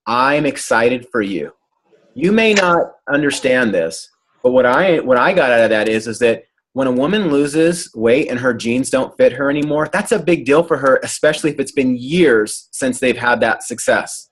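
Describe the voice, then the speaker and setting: A man's voice: mid-range voice, moderate pace. A man leading a group coaching call, talking in an earnest, encouraging way over a video call. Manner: earnest, animated when imitating excitement. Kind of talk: motivational coaching talk.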